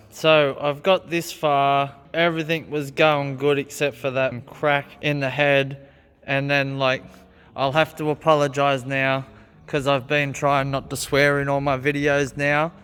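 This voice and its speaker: A man's voice: a little high, little pitch movement, unhurried, fairly bright tone, clear, resonant tone, big-room sound. A young Australian man in a casual garage vlog, talking through his car repair in a laid-back way and swearing heavily when frustrated. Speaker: car vlogger.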